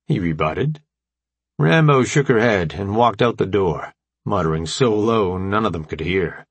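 A man narrating an audiobook with steady, lively storytelling. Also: low voice, normal speed, slightly rough, no room sound. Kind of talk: scripted narration.

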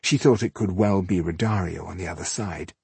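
A man narrating a fantasy audiobook in a measured, even storytelling manner. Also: low-pitched, vocal fry, breathy edge, no room sound.

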